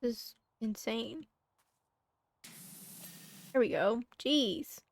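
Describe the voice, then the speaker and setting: A woman's voice: fairly high pitch, extremely slow. A woman streaming a game, chatting casually and muttering to herself as she plays. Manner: mutters to herself while playing.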